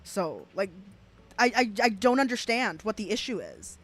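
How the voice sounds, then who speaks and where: Young woman streamer with a South Texas accent, blunt and sweary, mid-pitched. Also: huge pitch swings, moderate pace. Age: 20s. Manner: blunt and profane, with laughing asides and rambling restarts. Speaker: streamer reacting to clips. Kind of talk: casual commentary stream.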